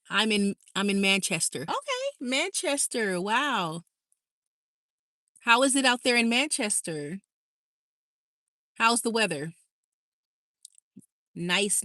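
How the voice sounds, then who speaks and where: A woman's voice: mid-range voice, sharp tone, no echo, studio quality. A woman hosting a casual livestream, reading out viewer comments in a bubbly, chatty way and laughing often. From California. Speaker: livestream host.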